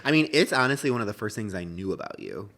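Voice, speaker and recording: A man's voice: fairly low pitch, sing-song, quick pace, gravelly, fairly bright tone. A man from Chicago co-hosting a podcast, mostly chiming in with short replies in casual chat. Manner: supportive listener, frequent short backchannels. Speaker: podcast co-host.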